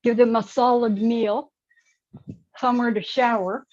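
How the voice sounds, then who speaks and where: A woman's voice: a little high, fairly even intonation, unhurried, highs cut off, background noise. A woman speaking bluntly and outspokenly as a panelist on an online call. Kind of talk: opinionated remarks.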